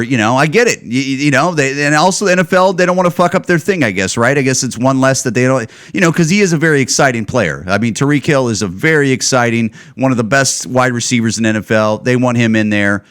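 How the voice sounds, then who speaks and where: A man in mid-range voice talks through a solo podcast, going off in a loose, sarcastic rant full of cursing. When something gets to him, his voice jumps up high and loud. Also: brisk. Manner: profane, ranting, sarcastic; swings to loud, high-pitched outbursts when worked up. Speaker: podcast host.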